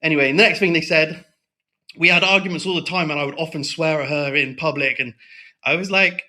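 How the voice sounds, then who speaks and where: A man's voice: fairly high pitch, a little fast, pushed and bright. A man talking as a guest in a casual interview, heated and blunt, swearing often and tagging lines with "right?".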